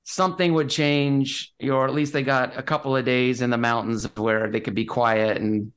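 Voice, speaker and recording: A man's voice: mid-range voice, fairly even intonation, normal speed, a bit bright, clean tone. A man, a real estate investor guest, talking casually and enthusiastically, with lots of fillers and restarts. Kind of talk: casual interview talk.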